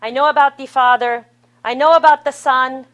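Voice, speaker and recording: A woman voicing a puzzled French Canadian Catholic man with a thick French accent, speaking loudly and bemused. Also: high voice, steady tone, moderate pace.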